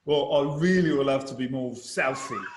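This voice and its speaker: A man's voice: mid-range voice, moderate pace, slight background noise, close to an everyday voice. A man voicing an American affecting a posh British accent, theatrical and sing-song, in a roomy-sounding recording. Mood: playful. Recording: roomy echo.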